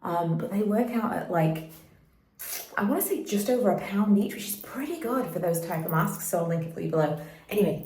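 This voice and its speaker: A woman's voice: on the low side, a little mellow. A woman in her thirties chatting casually to camera at home as a vlogger, enthusiastic and self-deprecating. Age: 30s.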